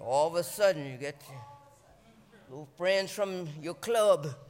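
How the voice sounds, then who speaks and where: A man preaching a sermon to a congregation, shouting his exhortations. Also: fairly high pitch, expressive, unhurried. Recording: echoey church hall.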